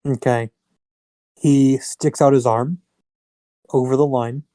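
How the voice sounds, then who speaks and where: A man's voice: mid-range voice, steady tone, slow, mellow, no room sound. A man running a tabletop game, narrating casually and often restarting mid-phrase. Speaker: game master.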